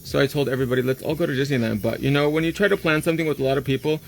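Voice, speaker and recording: A man hosting a live stream and chatting casually while he works on a client's nails, telling stories in an animated way. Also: mid-range voice, rapid-fire, creaky, a little hiss or hum. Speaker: nail artist and host.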